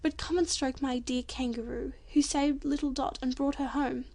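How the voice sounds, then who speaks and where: A woman's voice: high-pitched, steady tone, normal speed, vocal fry, mellow. A woman voicing an affectionate little girl in a storybook audiobook, pleading and eager.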